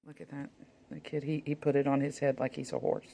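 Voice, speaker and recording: A woman, chatting casually while leafing through old photos, rambling and muttering soft asides. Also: rumbling low, flat delivery, fairly quick, vocal fry. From Texas. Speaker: vlogger. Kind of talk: casual reminiscing over a photo album.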